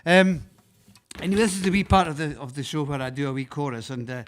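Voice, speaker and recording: Relaxed Scottish man chatting between songs. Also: on the high side, quick pace. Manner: relaxed and rambling, gentle chuckles, homely storytelling. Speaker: singer-songwriter hosting a live music stream. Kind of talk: casual chat between songs.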